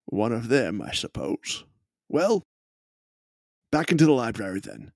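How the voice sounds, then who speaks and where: A man's voice: medium pitch, sing-song, measured pace, no echo, studio quality. A man voicing a pompous, fussy townsman who scolds in formal, old-fashioned speech. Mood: lecturing.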